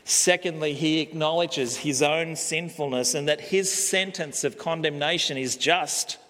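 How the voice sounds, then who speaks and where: Man, pastor, sermon, slightly high voice, emphatic pauses, long hall reverb. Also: fairly bright tone. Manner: slow, emphatic preaching with pauses.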